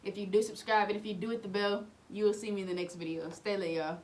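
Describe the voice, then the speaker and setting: A woman's voice: mid-range voice, fairly even intonation, fast, a little hiss or hum. A young woman from Oklahoma with a Southern US accent, hosting a reaction video in an easygoing, rambling way full of fillers. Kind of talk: casual reaction commentary.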